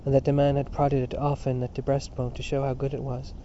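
A man narrating a novel as an audiobook in a measured, even manner, on a dull lo-fi recording. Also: mid-range voice, a little hiss or hum.

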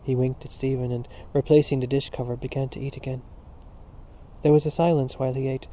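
Man narrating with a dark, mellow voice. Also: mid-range voice, little pitch movement, brisk, lo-fi sound, slight background noise. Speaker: audiobook narrator. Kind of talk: literary audiobook narration.

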